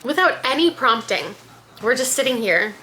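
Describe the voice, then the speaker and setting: A young adult woman chatting casually as a book vlogger, animated and quick with asides, laughing often. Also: fairly high pitch, crowd noise. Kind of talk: casual chat.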